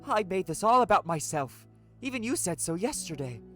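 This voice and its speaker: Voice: mid-range voice, sing-song, normal speed, fairly bright tone, faint music behind, pitched above the performer's own voice. A streamer reading out the lines of a teenage girl who leads a club and is weighed down by guilt, in an earnest, self-reproaching voice. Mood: guilty. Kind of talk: reading visual novel dialogue aloud.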